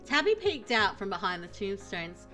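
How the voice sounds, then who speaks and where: Woman streamer narrating with lively expression. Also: medium pitch, normal speed, over music. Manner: expressive storytelling. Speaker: streamer narrating a visual novel. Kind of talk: dramatic narration.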